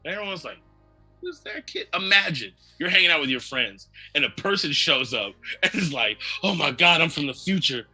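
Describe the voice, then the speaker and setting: Raspy, bright-voiced animated man. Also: on the high side, fairly quick, hardly any pauses, soft background music. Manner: animated, laughing, acts out quoted lines. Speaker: co-host. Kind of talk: casual chat about tabletop games and anime.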